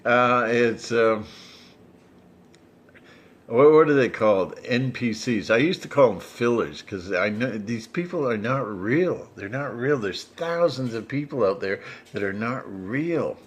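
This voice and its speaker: Man, mid pitch, casual vlogger monologue, stumbling and repeating words. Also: expressive. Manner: halting, repeats words, many restarts. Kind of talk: rambling monologue.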